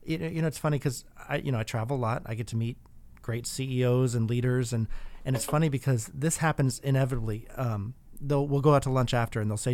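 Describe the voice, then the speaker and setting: A man hosting a casual conversation, speaking in a relaxed, joking, conversational way. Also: medium pitch, quick pace.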